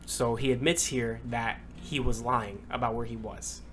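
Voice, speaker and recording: A man calmly reading out a message exchange and adding matter-of-fact commentary. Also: mid-range voice, a little slow, faint music behind. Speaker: commentary youtuber.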